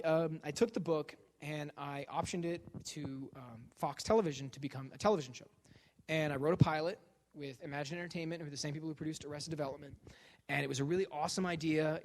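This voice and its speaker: A man giving a comedic university lecture about his own work, animated and jokey, acting out the voices he quotes. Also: a little high, slight background noise. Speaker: guest lecturer and author.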